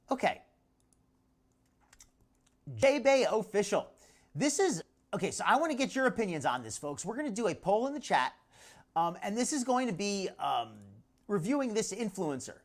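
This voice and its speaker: A woman's voice: mid-range voice, very animated, normal speed, pauses often. A woman hosting a live commentary stream, chatting loosely, laughing often and breaking off mid-sentence. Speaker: livestream host. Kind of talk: live commentary on social media clips.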